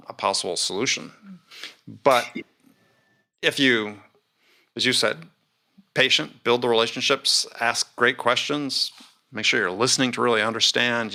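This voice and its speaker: Podcast host guy, gravelly voice, bright and a bit tense, measured explainer. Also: medium pitch. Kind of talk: conversational interview.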